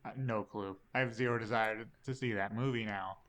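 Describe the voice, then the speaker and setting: A man in a casual podcast chat, arguing his opinions at length. His tone is bright and forward. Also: fairly low pitch, fairly even intonation, a little fast. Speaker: podcast co-host.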